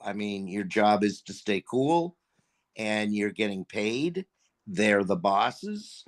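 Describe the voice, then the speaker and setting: A man's voice: on the low side, takes it slowly. An older man, a voice actor guest, telling casual, profanity-laced stories and animatedly acting out what people said. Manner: profane, animated, acts out quotes. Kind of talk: casual storytelling.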